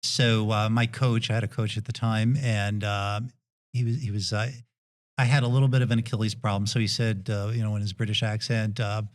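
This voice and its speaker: A middle-aged man with a Brooklyn accent, a podcast guest telling a story in a relaxed, gentle way with many hesitations. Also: lowish voice, fairly quick. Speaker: guest dentist and endurance athlete.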